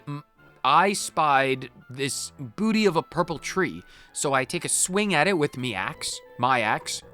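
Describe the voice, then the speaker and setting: A man doing a rough axe teacher. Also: fairly high pitch, pushed and bright. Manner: folksy, dropped grammar, rambling.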